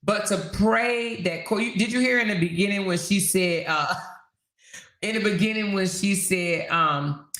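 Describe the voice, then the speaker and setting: A woman's voice: mid-range voice, measured pace, a bit bright. Woman, livestream host, chatty, reads comments aloud, echoey room. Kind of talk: casual livestream chat.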